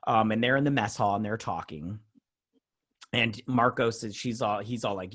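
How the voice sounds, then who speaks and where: A man's voice: on the low side, moderate pace, fairly bright tone. A man in his thirties hosting a casual TV episode review, retelling scenes loosely and acting out characters' lines. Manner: loose recapping with fillers and acted-out quotes. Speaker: host.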